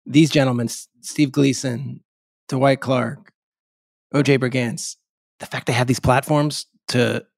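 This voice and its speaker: A man, a sports reporter, telling stories as a podcast guest, animated and eager, often restarting his sentences. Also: mid-range voice, a little slow, gravelly, no echo, clean studio sound. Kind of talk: casual storytelling interview.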